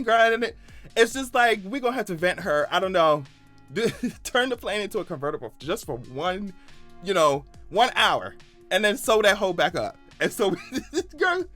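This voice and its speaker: A man giving casual comedic commentary on a news story, animated and profane, laughing often as he talks. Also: high voice. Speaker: YouTube commentator.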